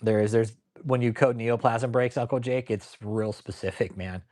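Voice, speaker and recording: A man's voice: mid-range voice, steady tone, moderate pace, a little mellow. A man hosting a casual commentary stream, talking bluntly and profanely in a rambling way and answering viewers by name. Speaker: channel host.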